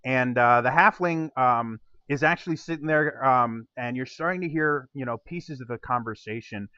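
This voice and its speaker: A man's voice: mid-range voice, moderate pace, bright, forceful tone, dry recording, dull audio. A young man narrating a tabletop game as game master, with a rambling delivery full of fillers.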